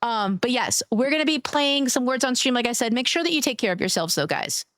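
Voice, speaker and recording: A woman streamer chatting casually with her viewers, gushing and affectionate as she thanks them by name, playful and quick to giggle. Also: a little high, lively intonation, a bit bright, slight background noise. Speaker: live streamer. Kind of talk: casual live-stream chat.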